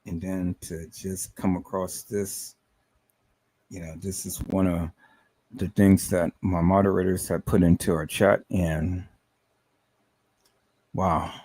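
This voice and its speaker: A man hosting a livestream, talking emotionally and stammering, with words repeated, agitated outbursts and soft trailing off. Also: sits low, flat delivery, slow, long pauses, husky, dry recording. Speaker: livestream host.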